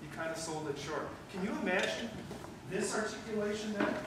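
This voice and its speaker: High-voiced man coaching a band. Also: fairly quick. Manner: coaching, encouraging, sings note syllables. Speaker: guest band conductor. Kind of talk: band rehearsal instruction. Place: school band rehearsal room. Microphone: distant room mic. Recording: echoey room from far off, noisy.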